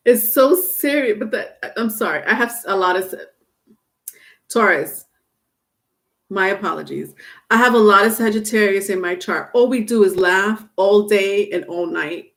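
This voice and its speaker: A woman's voice: medium pitch, a bit bright. A woman giving a casual live tarot reading, talking chattily and teasing her viewers, breaking into laughter often. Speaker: tarot reader.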